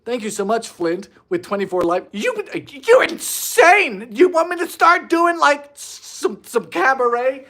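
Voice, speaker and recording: A man's voice: very high-pitched, measured pace, hardly any pauses. A young man from Bermuda with a mild Bermudian accent, chatting theatrically and jokily while baking on a live stream. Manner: animated, theatrical, jokey. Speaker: baking show host.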